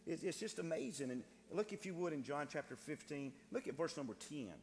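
A man's voice: on the high side, lively intonation, brisk, few pauses, long reverb tail. A man preaching a sermon as pastor, reading scripture and driving points home by repeating phrases to the congregation. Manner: emphatic preaching, repeats phrases, addresses brethren.

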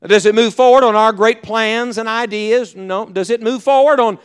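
A man preaching a sermon, asking the congregation rhetorical questions, dropping to a hushed voice and then swelling loud. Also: sits high, fairly even intonation, normal speed, clear, resonant tone. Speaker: pastor.

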